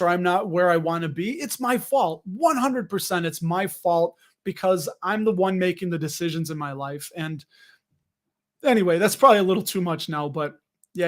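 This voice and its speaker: A young man with a rather high voice hosts a laid-back livestream. He chats with his viewers in a rambling, jokey way, full of fillers and quick self-corrections. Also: fairly bright tone. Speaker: livestream host reading viewer comments. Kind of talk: casual livestream chat about dividend investing.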